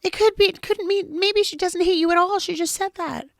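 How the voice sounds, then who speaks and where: A woman's voice: very high-pitched, steady tone, a little fast, no room sound, clean studio sound. A woman hosting a motivational podcast, talking animatedly and acting out quoted voices. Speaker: podcast host.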